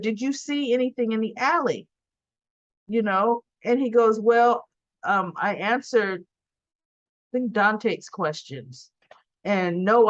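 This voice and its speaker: A woman's voice: a little high, dry recording, highs cut off. A woman recapping a soap opera episode in a casual, chatty way, acting out the characters' lines as she goes. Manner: chatty, acts out dialogue in quoted lines. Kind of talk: casual recap retelling scenes.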